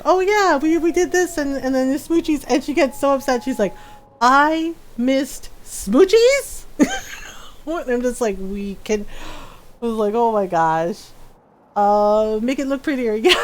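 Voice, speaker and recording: A woman streamer chatting casually with viewers, laughing often and acting out quotes in a lively retelling. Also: on the high side. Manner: giggly, animated retelling with acted-out quotes.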